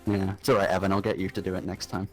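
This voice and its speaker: A man's voice: low-pitched, level tone, rapid-fire, a little mellow. A man chatting casually as a livestream guest with a sore throat, rambling with lots of fillers and swearing. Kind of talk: casual chat. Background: faint game music.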